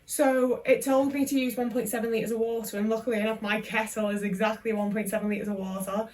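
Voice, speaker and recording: A woman's voice: a little high, flat delivery, fairly quick, darkish tone, recorded from a distance, rough recording. A young woman, chatting casually and self-mockingly while she cooks at home, tagging questions onto her sentences. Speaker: vlogger. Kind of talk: casual cooking vlog chat.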